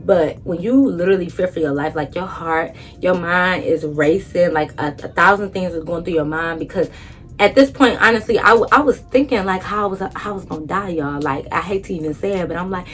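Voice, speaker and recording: Animated storytelling woman saying "y'all". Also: fairly low pitch, brisk. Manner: dramatic, addresses viewers as "y'all", acts out her own thoughts. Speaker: vlogger telling a story. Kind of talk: casual storytime.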